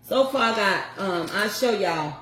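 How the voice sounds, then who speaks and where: A woman's voice: medium pitch, animated, a little slow, fairly bright tone. Chatty older woman cooking in an echoey kitchen. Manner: chatty, folksy, talks to viewers. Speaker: home cook showing a recipe. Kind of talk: casual cooking chat.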